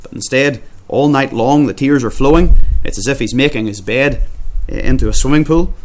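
A man's voice: darkish tone, slight background noise. Earnest man preaching a sermon. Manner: earnest, repeats words often, rises in pitch when voicing pleas; slows down when quoting scripture. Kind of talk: expository sermon.

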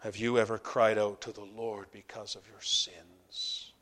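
A man preaching a sermon, swinging from hushed whispers to loud, fervent climaxes with slow, deliberate phrasing. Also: fairly low pitch, level tone.

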